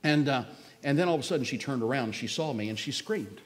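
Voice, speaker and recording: A man's voice: mid-range voice, quick pace. A man preaching a sermon, telling a story in a folksy way and acting out the voices of the people in it. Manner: folksy, animated, acts out quoted voices. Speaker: guest preacher. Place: large church sanctuary. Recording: church hall with long reverb.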